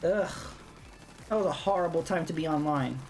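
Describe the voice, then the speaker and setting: A woman's voice: low-pitched, moderate pace, a little mellow. A woman streamer ranting bluntly in casual chat while playing a game, swearing freely. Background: faint game music.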